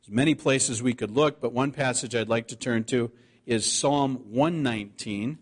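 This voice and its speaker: Male pastor, mid-pitched, earnest sermon delivery with slowed, weighty quotes. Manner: earnest preaching, slows to stress scripture quotes.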